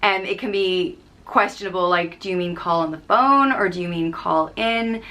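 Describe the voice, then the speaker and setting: A woman's voice: fairly low pitch, moderate pace, pushed and bright. An Irish woman in her thirties, chatting casually and explaining phrases with lots of ums and playful example lines. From Ireland. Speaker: vlogger.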